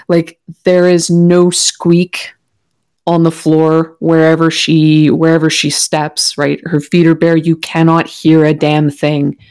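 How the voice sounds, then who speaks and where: A woman plays a tabletop role-playing game, describing her character's moves in a loose, casual way. Her voice is very low, and she leans on easy fillers as she narrates. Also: smooth. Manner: casual, relaxed, filler-heavy.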